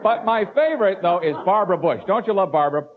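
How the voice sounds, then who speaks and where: Animated stand-up comic, lo-fi tape. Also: male voice, sits high, fast talker. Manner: animated, stammering restarts, slips into impressions. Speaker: stand-up comedian. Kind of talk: stand-up comedy. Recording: dull lo-fi tape with hiss.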